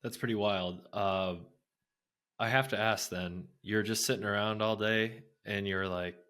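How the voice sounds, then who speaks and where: A man's voice: fairly low pitch, fairly even intonation, a little slow, a bit bright. A man hosting a podcast, chatting casually and joking with rhetorical questions. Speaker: podcast host. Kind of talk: casual interview talk.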